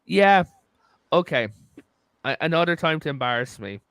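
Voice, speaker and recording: A man hosting a casual podcast, spinning long stories and swearing now and then. His voice is smooth and clear, and it sits a little high. The sound is dry and close. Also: animated, moderate pace, a bit bright, dry recording. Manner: storytelling, swears, rambling. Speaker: podcast host. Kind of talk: casual chat.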